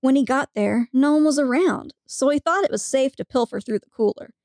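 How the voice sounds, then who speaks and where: A woman's voice: high voice, lively intonation, fairly quick, a little mellow, no echo, studio quality. A woman co-hosting a podcast, reading a funny story aloud with frequent giggles. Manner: giggly storytelling, breaking into laughter. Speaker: podcast co-host.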